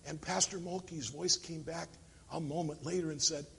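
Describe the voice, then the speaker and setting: A man's voice: fairly high pitch, fairly even intonation, normal speed, creaky, long reverb tail, very noisy. A man preaching a sermon in a church, telling funny stories and acting out the voices in them. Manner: jokey storyteller, acting out voices in the tales. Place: church sanctuary.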